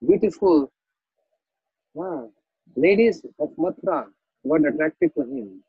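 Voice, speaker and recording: A man's voice: a little high, huge pitch swings, slow pace, gravelly, long pauses, breathy edge, no room sound, dull audio. Man giving a scripture talk. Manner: explains verses, repeats phrases, asks listeners "understand?". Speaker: spiritual teacher. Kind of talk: scripture lecture with storytelling.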